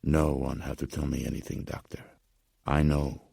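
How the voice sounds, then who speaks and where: A man voicing an anxious, formal old male pawnbroker with a Slavic-tinged accent, speaking slowly in grave, hushed insistence. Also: a bass voice, level tone, gravelly, breathy edge, dry recording, studio quality, exaggerated voice. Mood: urgent hushed. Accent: Slavic-tinged, as put on.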